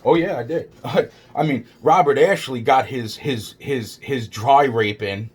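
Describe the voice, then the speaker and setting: A man's voice: mid-range voice, unhurried, breathy edge. A man telling a rambling first-person story, agitated and full of profanity, repeating himself as he goes. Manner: heavily profane, agitated, repetitive.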